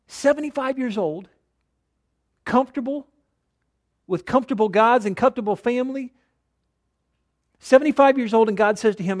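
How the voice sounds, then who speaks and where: A male pastor delivers a dynamic sermon. His voice sits high for a man, climbing on rhetorical questions and falling almost to a whisper on a single emphatic word. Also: normal speed, long pauses.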